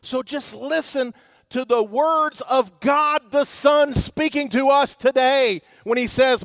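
A male pastor in his forties preaches with an emphatic, questioning delivery. His voice sits very high for a man and comes across dry and close, with little room sound. He slows right down whenever he stresses scripture. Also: fairly bright tone, dry recording. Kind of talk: sermon.

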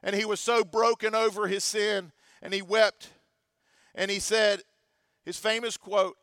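Pastor, male, forties. Bright, forceful tone, dry close sound. Earnest sermon, swings from quiet to emphatic. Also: sits high, level tone, unhurried, smooth, dry recording. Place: church service.

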